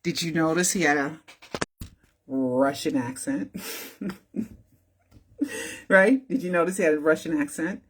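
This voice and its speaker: A woman's voice: sits low, unhurried, long pauses, breathy edge. A woman hosting her own channel, giving casual commentary in a rambling, repetitive way and often asking "right?" for agreement. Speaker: channel host.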